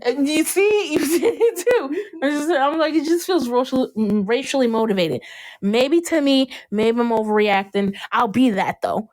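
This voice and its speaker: A woman's voice: on the high side, moderate pace. A young adult woman hosting a podcast, chatting casually and acting out scenes from a show with frequent laughter. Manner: animated storytelling, breaks into laughter, acts out scenes. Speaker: podcast host. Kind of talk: casual chat.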